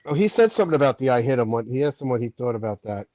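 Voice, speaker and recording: A man co-hosts a live stream in casual chat. He answers in short remarks and chuckles often. His voice sits at a middle pitch, and the sound is dull and lo-fi. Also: very animated, very fast, dark tone, dry recording.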